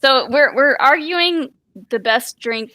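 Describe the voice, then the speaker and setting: High bright woman co-host, dry sound. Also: slow, no echo. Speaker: podcast co-host. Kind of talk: casual chat.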